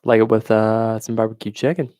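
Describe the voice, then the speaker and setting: A man's voice: on the low side, little pitch movement, brisk, warm tone, smooth, dry recording, clean studio sound. A man co-hosting a podcast, easygoing and agreeable while chatting about beer. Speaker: podcast co-host. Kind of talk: casual beer review chat.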